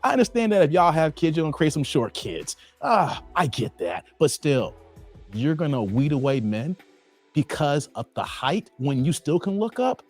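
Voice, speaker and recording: A man's voice: a little high, very animated, normal speed, a little mellow. A man hosting a reaction video, commenting in an emphatic, lecturing way over faint music. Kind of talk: casual commentary.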